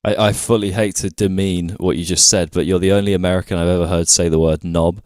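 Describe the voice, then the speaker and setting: A man's voice: deep voice, steady tone, fast, darkish tone, dry recording, studio quality. A British man hosting a podcast interview, asking questions in a hesitant way with many ums and restarts. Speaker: podcast host.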